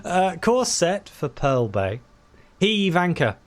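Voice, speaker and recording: A man's voice: high voice, very animated, takes it slowly, pitched above the performer's own voice, heavily acted. A man voicing a young man in a fantasy game playing at being a pirate captain, calling orders brashly. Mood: swaggering.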